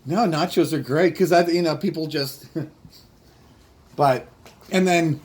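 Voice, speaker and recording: A man telling rambling, halting anecdotes in a casual chat. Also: fairly high pitch, a little mellow.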